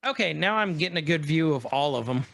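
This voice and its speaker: Man, slightly high voice, podcast co-host, casual excited chat, rambling recap. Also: gravelly, no room sound. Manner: excited, rambling, retells scenes while pausing the show.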